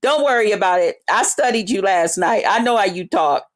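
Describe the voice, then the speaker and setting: A woman's voice: mid-range voice, lively intonation, moderate pace. A woman vlogger delivering a brash, profane rant straight to the camera. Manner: brash, trash-talking, swears constantly. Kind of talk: profane ranting monologue.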